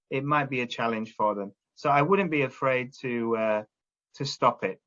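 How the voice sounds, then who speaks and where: A man with a medium-pitched, fairly bright voice trains teachers, explaining classroom drilling step by step. He often checks in with "okay?", and the audio sounds dull.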